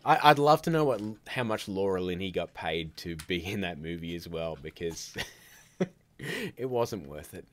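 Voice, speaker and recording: This is a man with a very low voice hosting a casual live stream from home. He rambles through blunt, opinionated takes, cutting himself off and circling back as he goes. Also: lively intonation, moderate pace, fairly bright tone, slight background noise. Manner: rambling, opinionated, self-interrupting. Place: at home by a computer, child nearby.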